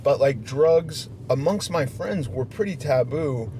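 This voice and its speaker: A middle-aged man talking candidly and reflectively as a guest in casual chat, often halting and restarting. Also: mid-range voice, lively intonation, noisy background.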